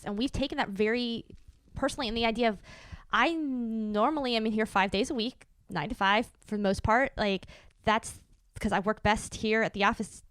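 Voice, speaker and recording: A woman co-hosting a church podcast in casual chat, supportive and quick to affirm. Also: mid-range voice, a bit bright, clean tone, no room sound. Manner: supportive, frequent backchannel, light laughs.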